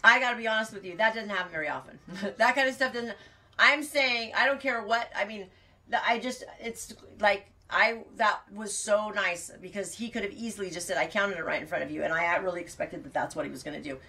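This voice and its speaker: A woman's voice: mid-range voice, fairly quick, bright, forceful tone, far from the mic, rough recording. A woman hosting a farm podcast, chatting casually to live viewers and reading their comments, rambling with frequent restarts and asides. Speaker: farmer and fiber podcast host.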